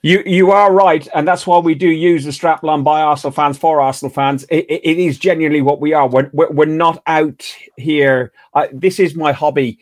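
A man's voice: fairly high pitch, fairly even intonation, moderate pace, few pauses, no room sound, clean studio sound. A man hosting a fan podcast, with a chatty manner full of stammered restarts. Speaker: podcast host. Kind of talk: casual podcast chat.

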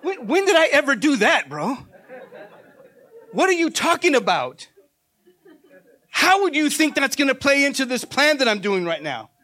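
A man's voice: extremely high pitch, very animated, moderate pace, long pauses, bright, forceful tone, some chatter behind, exaggerated voice. A man voicing Jesus as a laid-back man, baffled and talking in casual slang.

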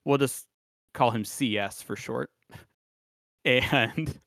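Casual male podcast co-host, spins animated yarns, dry close sound. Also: medium pitch, very slow, creaky, dry recording. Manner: animated storytelling, laughs often. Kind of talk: casual sports chat.

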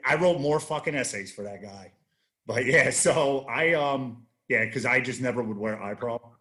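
Guy in his 30s telling swear-heavy army stories, bright voice, keeps restarting. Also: mid-range voice, normal speed. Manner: rambling, profane storytelling with many restarts. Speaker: podcast guest, army veteran. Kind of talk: casual chat.

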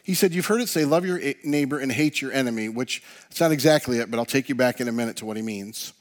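A man preaching a sermon as pastor, earnest, often dropping to a soft hush on key words. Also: medium pitch, quick pace.

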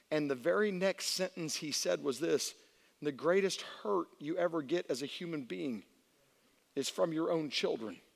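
A middle-aged man preaching as a youth pastor, telling a personal story that swings from hushed to shouting. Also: a little high, creaky. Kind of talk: sermon. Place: large church hall. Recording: long hall reverb.

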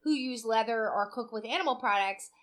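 A woman's voice: fairly high pitch, brisk, fairly bright tone. A woman co-hosting a podcast in casual chat, opinionated and swearing freely. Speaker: podcast co-host.

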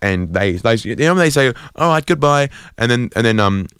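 A man's voice: on the low side, animated, brisk, fairly bright tone, clear, resonant tone, dry recording, studio quality. An Australian man hosting a community radio show, rambling through a self-deprecating comic monologue with lots of fillers and restarts. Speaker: radio host.

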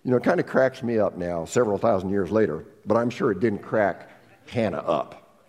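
A man preaching a sermon as a pastor, telling a Bible story with lively humor and asides. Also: fairly low pitch, brisk, in a large hall.

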